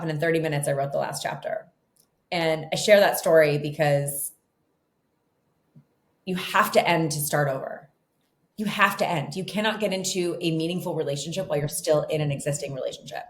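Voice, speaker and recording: A woman's voice: low voice, brisk. Chatty woman in an echoey room. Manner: chatty, animated, lots of "like" and "you know". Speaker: guest author. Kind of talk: casual interview storytelling.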